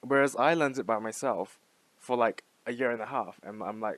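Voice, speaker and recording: A young man in his twenties muses aloud in a loose, unscripted monologue, padding his thoughts with fillers and dropping casual swear words between laughs. His voice sits at an ordinary middle pitch for a man. The sound is dry and close, with no room echo. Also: lively intonation, a little fast. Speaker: language-learning vlogger.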